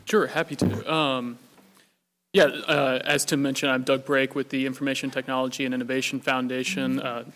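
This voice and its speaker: A man speaking as a policy analyst on a panel, explaining points in a brisk way with frequent "uh" fillers. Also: medium pitch, flat delivery, a bit bright, a little hiss or hum. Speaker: think-tank analyst, panelist. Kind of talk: panel discussion.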